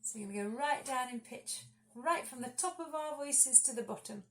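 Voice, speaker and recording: A woman leading children through a singing warm-up, giving clear and encouraging instructions. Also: high-pitched, moderate pace. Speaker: singing teacher.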